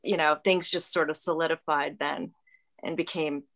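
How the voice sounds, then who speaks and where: A woman's voice: deep voice, fairly even intonation, moderate pace, poor audio. A woman in her sixties, a former athlete, reminiscing loosely and chuckling on a video call. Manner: warm and chuckling, loosely recalled.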